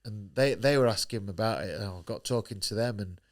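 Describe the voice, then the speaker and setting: Speaking briskly in a lowish voice, a professional boxer tells his story on a podcast interview with no filter. He swears freely, stays blunt, and dramatizes what other people said.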